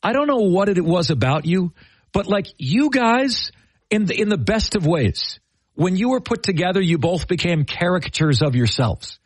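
A man's voice: high voice, very animated, normal speed, breathy edge, no room sound. A man hosting sports talk radio, building his points with rhetorical questions. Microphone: studio microphone.

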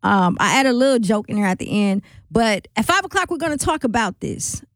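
A woman's voice: a little high, sing-song, a little fast, no room sound. A woman hosting a radio talk show, chatting casually with laughing asides and rallying calls to her listeners. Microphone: studio microphone.

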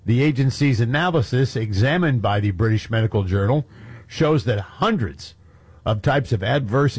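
A man's voice: medium pitch, darkish tone, breathy edge, no room sound. A man co-hosting a talk radio show, trading casual, scoffing banter and reading news stories. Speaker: co-host.

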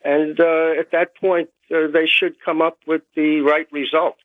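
A man's voice: fairly high pitch, little pitch movement, a little slow, dry recording. Hesitant man on a tinny phone line. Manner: hesitant, many fillers. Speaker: phone-in guest commentator. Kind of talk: radio commentary.

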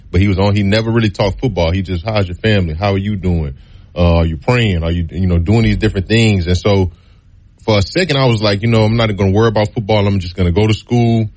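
A man talking through his football years in a casual interview. His voice sits low, and he tells it in a relaxed, storytelling way, putting on voices for the people he quotes. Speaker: guest, former college football player.

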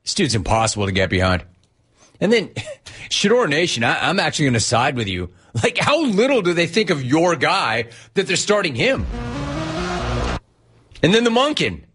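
A man's voice: fairly high pitch, wildly swooping pitch, normal speed, pauses often, fairly bright tone, slightly rough. A man hosting a sports radio show, ranting sarcastically and incredulously at a player. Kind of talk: ranting sports talk monologue.

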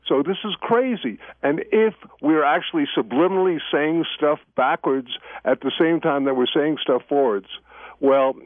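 A man's voice: fairly high pitch, normal speed, dry recording. A man who is the guest on a radio talk show, telling stories in a chatty way and laughing easily. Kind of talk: casual radio interview. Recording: tinny phone line, dry.

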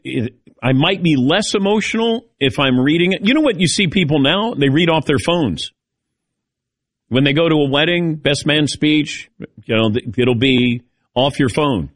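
A man's voice: a little high, very animated, normal speed, no room sound, clean studio sound. A middle-aged man hosting a call-in radio show, chatting casually in a rambling, self-deprecating way.

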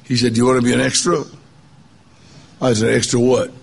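A man's voice: mid-range voice, flat delivery, a little fast, vocal fry, heavy background noise. An older man telling his life story in a casual, conversational way, acting out the voices of people he quotes. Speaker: guest storyteller. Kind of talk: personal storytelling.

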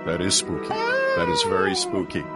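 A man's voice: sits low, normal speed. A man co-hosting a radio talk show, retelling a spooky story with acted-out quotes over a music bed. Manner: animated storyteller acting out quotes.

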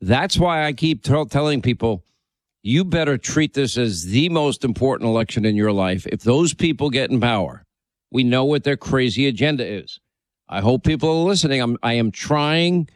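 A man's voice: medium pitch, animated, moderate pace, no room sound. A man hosting a talk radio show, speaking emphatically and urgently, repeating phrases for emphasis.

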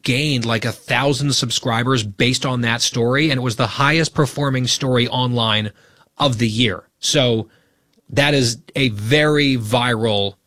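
A man's voice: mid-range voice, fairly bright tone, no echo. Teasing male radio host, dry studio sound. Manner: teasing, quick and playful. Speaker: radio talk show host. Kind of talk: bantering radio talk.

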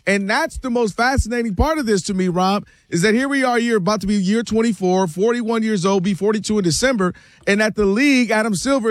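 A man's voice: high voice, dry recording. A man co-hosting a sports talk show, making emphatic, speculative points and acting out quotes. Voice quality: emphatic, speculative, acts out quotes in other voices. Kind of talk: animated sports debate.

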